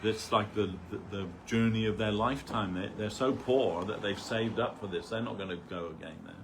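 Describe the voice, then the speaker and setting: Man, low voice, casual rambling storyteller at a temple talk. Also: fairly quick, noisy background. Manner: conversational, rambling, frequent "you know". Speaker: speaker at a temple gathering. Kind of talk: informal spiritual talk, anecdote.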